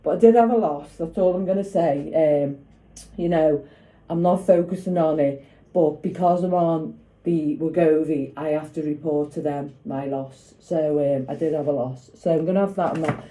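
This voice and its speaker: A middle-aged woman vlogger chats casually to camera while making food in her home kitchen, rambling and using lots of tag questions. Her voice is low-pitched and warm at a moderate pace, though the audio is poor.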